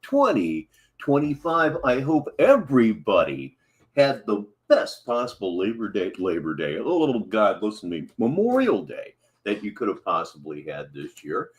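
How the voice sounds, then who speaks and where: A man's voice: on the low side, wildly swooping pitch, unhurried. Sardonic man hosting a livestream. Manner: sardonic, mocking asides. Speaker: livestream host. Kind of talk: casual commentary over a played clip.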